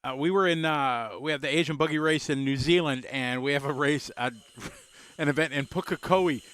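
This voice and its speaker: A man's voice: a little high, normal speed, a bit bright, smooth, no room sound. Chatty man giving live race commentary. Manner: chatty, greets viewers, laughs easily. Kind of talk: casual live stream commentary.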